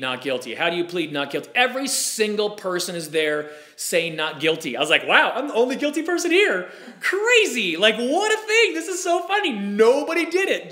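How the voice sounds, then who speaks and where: A man in his forties telling a story to a live audience, animated and acting out the people he quotes. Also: fairly high pitch. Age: 40s. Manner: animated, acts out quoted voices. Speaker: speaker. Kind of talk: storytelling talk.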